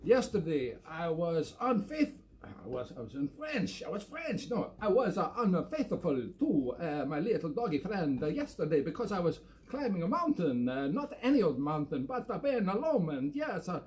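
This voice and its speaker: Scottish man, self-mocking home-show host, fairly high and warm. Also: very animated, moderate pace. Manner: playful, jokey and self-mocking. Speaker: accordion player hosting a weekly live show. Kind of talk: casual chat between tunes.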